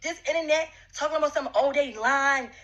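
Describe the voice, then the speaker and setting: A woman speaks to camera in a confrontational rant, aiming accusation after accusation at a man. Her voice sits high for a woman and sounds bright and sharp. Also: fairly quick, dull audio. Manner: repetitive, accusing, talks straight at one man. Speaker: vlogger addressing a rival.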